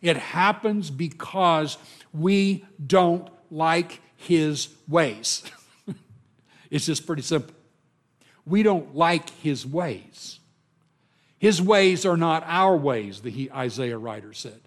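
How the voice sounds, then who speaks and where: Conversational preacher with a higher voice. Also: male voice, expressive, takes it slowly. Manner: conversational, self-deprecating, asks the congregation questions. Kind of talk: sermon.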